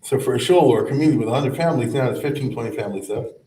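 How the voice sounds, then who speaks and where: A rabbi teaches a class in an echoey room, recorded with the mic at a distance. His voice is male, mid-range, mellow, and racing. He gives an informal explanatory lecture in a conversational manner, chanting Hebrew verses, translating them, and adding many asides.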